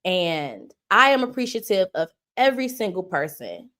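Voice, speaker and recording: A woman's voice: fairly low pitch, big pitch swings, moderate pace, a bit bright. A woman hosting a livestream, giving a heartfelt mock-funeral tribute in a homey, sermon-like cadence. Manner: homey and emotional, slipping into churchy cadence. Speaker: livestream host.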